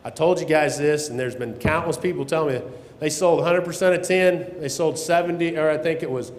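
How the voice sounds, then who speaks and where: A man's voice: fairly high pitch, fairly quick. A man giving a blunt, folksy conference talk, swearing now and then, recorded through a microphone in a conference hall. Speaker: keynote speaker on grain marketing. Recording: echoey hall, long reverb.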